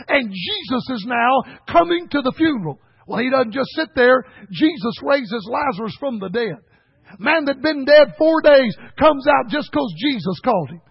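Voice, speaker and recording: A man preaching a folksy sermon that rises to shouted emphasis. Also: very high-pitched, expressive, normal speed, vocal fry, husky, dry recording, highs cut off.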